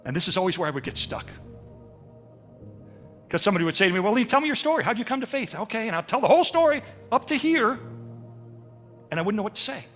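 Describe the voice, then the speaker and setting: An older man telling his faith story as a sermon at a church, with animated storytelling and acted-out quotes. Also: high-pitched, fast, pauses often, faint music behind. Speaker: speaker at a church. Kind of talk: testimony sermon.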